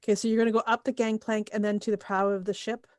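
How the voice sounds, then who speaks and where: A woman's voice: medium pitch, little pitch movement, fast talker, dry recording. A woman game master talks players through rules and damage totals step by step, patient and methodical. Her voice sits in a mid register. The sound is dry and close, with no room around it. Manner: patient, checks numbers step by step. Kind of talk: running a tabletop game, explaining rules.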